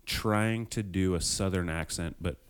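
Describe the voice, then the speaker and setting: A man hosting a podcast in casual chat, joking crudely with frequent swearing and halting restarts. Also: low-pitched, clean tone. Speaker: podcast host.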